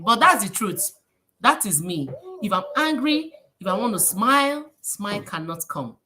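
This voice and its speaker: Nigerian woman livestreaming, animated, bright voice, preachy, pidgin phrases. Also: mid-range voice, moderate pace, a little hiss or hum. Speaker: livestream host. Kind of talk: casual livestream talk.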